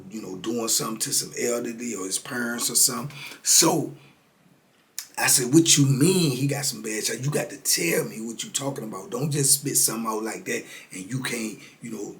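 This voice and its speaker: A man's voice: lowish voice, vocal fry, a little hiss or hum. Older american guy telling a story casually, acts out the back-and-forth, lots of slang. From United States. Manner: animated, acts out dialogue with street slang. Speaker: storyteller sharing prison experiences.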